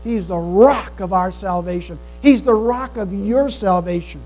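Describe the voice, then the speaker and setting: A man's voice: high voice, unhurried, darkish tone, poor audio. A man preaching a sermon as pastor, earnest and emphatic, repeating key phrases. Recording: mains hum behind the voice.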